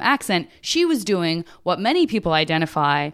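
A woman podcast host in casual chat, asking questions with animated curiosity. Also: lowish voice, normal speed, clean tone.

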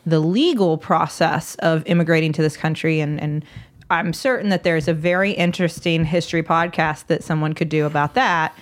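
Lower-voiced woman podcast co-host. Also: moderate pace. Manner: hesitant, explanatory, teasing. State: recovering voice after illness. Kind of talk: casual chat.

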